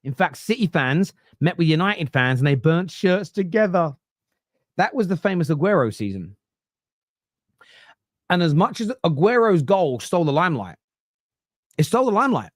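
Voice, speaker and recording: A man's voice: a little high, very animated, normal speed, pauses often, no room sound, studio quality. A man hosting a football podcast, ranting casually with swearing, digressions and mocking asides. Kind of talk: casual opinionated rant.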